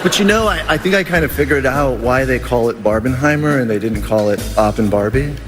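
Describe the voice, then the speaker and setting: A man's voice: mid-range voice, brisk, a bit bright, faint music behind. Man in mock-serious stage banter. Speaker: awards show presenter.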